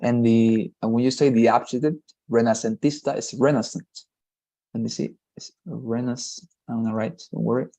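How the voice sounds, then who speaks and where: A man's voice: mid-range voice, fairly even intonation, normal speed, vocal fry, mellow. Man teaching English. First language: Spanish. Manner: explains step by step, often checks with "right?". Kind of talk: online class explanation.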